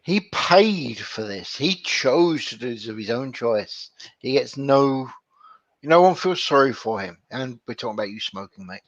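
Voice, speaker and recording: A man's voice: medium pitch, lively intonation, a little slow, dry recording, dull audio. A man co-hosting a casual podcast, blunt and teasing with the others. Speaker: podcast co-host. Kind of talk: casual banter.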